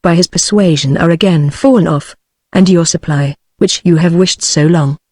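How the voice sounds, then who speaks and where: A synthetic text-to-speech voice of a woman with a British English accent, reading the part of a dutiful male army messenger in a flat, unvaried way. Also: lowish voice, moderate pace, no room sound, studio quality, close to an everyday voice. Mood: reporting.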